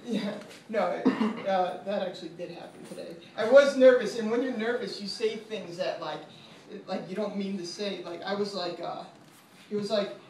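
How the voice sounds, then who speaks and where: At an open mic in a small comedy club with a live crowd, a twenty-something law student delivers casual, swear-filled, self-deprecating stand-up loaded with fillers. He speaks at normal speed in a high, darkish voice, and the recording is distant, echoey, and noisy.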